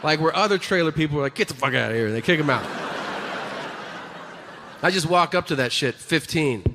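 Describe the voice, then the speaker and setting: A man's voice: on the high side, expressive, normal speed. Profane male stand-up comedian. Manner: profane, conversational storytelling. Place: live comedy stage. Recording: noisy live room with reverb. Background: audience laughter.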